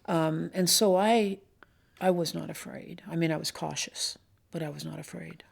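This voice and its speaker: An older woman with a deeply gravelly, creaky voice tells her stories slowly and thoughtfully, pausing to remember details. She speaks as a retired police commander looking back in an interview. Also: fairly even intonation. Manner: measured, reflective storytelling with pauses. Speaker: retired police assistant chief. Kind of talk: recounting memories in an interview.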